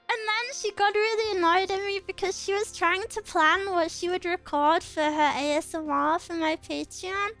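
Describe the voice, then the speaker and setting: A woman's voice: very high-pitched, a little slow, fairly bright tone, soft background music. A woman streamer chatting casually, telling teasing stories with frequent giggles. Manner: giggly, laughs often between stories; playful, teasing storytelling. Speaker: VTuber streamer. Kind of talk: casual chat.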